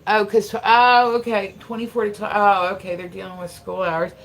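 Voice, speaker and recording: A woman's voice: medium pitch, little pitch movement, normal speed. A woman hosting a casual livestream, chatting with viewers in a rambling way, laughing often and swearing freely. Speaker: livestream host.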